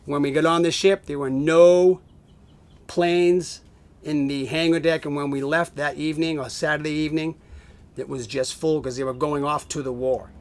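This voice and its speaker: Middle-aged man, slightly high voice, casual animated storyteller who voices the people in his tale; home video recording. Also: moderate pace. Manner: animated, acts out quoted voices, laughs often. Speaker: family friend telling stories. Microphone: home video camera.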